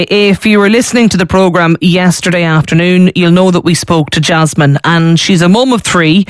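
An Irish man presenting a lunchtime radio show, his voice sitting high for a man. He talks in an easy, encouraging way, padding his lines with fillers. The sound is close and dry. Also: no room sound. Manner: warm, encouraging interviewer with frequent fillers.

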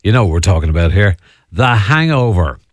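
Lively radio host. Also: male voice, low voice, brisk, no room sound, studio quality. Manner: chatty, lively, laughs at his own asides. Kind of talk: radio entertainment chat.

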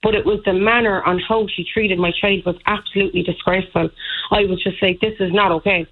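A woman's voice: mid-range voice, little pitch movement, brisk. A woman in her thirties comes through a thin, tinny phone line. She tells her story in an indignant, rambling way, full of fillers. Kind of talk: telling a personal story.

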